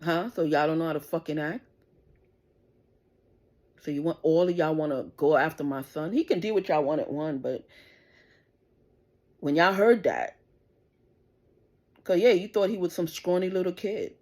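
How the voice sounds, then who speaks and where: Here a middle-aged woman vlogger speaks at normal speed in a low, darkish voice, leaving long pauses. Her rant to the camera is angry, profane and confrontational, and she keeps firing off "you understand?"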